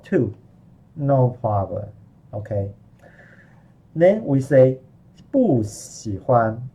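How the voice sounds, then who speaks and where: A man teaching a live online lesson in English, explaining slowly and repeating himself with frequent "okay"s. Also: mid-range voice, darkish tone. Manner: slow, repetitive explaining with frequent "okay" and restarts. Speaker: Mandarin teacher.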